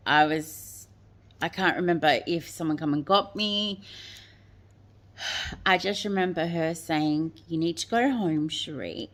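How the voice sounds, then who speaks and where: Woman, slightly low pitch, rambling storytelling, lots of fillers. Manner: rambling, many fillers, quotes others' words. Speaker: guest telling her story. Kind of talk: personal storytelling.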